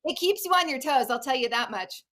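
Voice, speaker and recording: Female talk host, casual and talkative, crisp bright tone. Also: high voice, lively intonation, fairly quick. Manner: chatty, laughs often, reads live comments. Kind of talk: casual live show chat. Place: Oregon.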